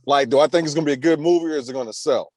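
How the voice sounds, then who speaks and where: A man's voice: fairly high pitch, very fast, crowd noise. A man hosting a podcast in casual chat, teasing and laughing, with profanity. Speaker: podcast host.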